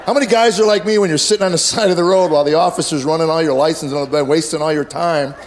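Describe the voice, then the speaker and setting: A man in his fifties tells stand-up stories in a high, deadpan voice, landing punchlines to a laughing crowd. The live recording carries clear background noise. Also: quick pace. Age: 50s. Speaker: stand-up comedian. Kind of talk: stand-up comedy routine. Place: stage before a laughing audience.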